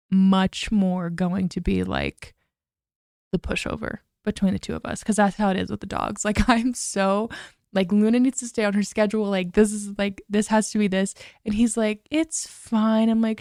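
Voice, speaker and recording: Chatty young woman with a creaky voice. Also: medium pitch, fairly even intonation, normal speed, a little mellow, dry recording, studio quality. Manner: chatty, lots of "like" and "literally". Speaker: podcast host. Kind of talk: casual solo podcast chat.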